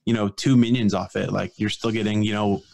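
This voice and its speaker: A man's voice: on the low side, steady tone, fairly quick, vocal fry, a little mellow. Enthusiastic man, podcast guest. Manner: enthusiastic, laughs through stories. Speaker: guest streamer. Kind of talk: casual chat.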